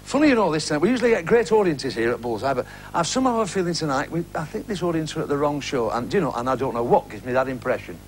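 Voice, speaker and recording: A man's voice: fairly high pitch, lively intonation, rapid-fire, few pauses. A man hosting a TV game show from a studio, chatting and joking with contestants. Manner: jokey, chatty banter with contestants. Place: TV studio with live audience. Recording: 1980s TV broadcast, loud crowd and noise.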